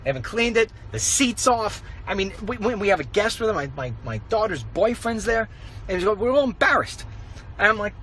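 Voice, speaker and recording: Man, walk-and-talk vlog, ranting, lively swooping voice, fairly high, street traffic behind. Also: fast. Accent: New York. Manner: animated, ranting, acts out quoted voices. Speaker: political commentator and show host. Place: outdoors on a city street.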